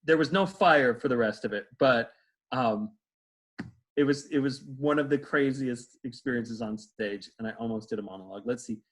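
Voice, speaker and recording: A man's voice: medium pitch, low-quality recording. A man, a stage actor, answering interview questions in a casual, rambling way, full of fillers and restarts, over a video call.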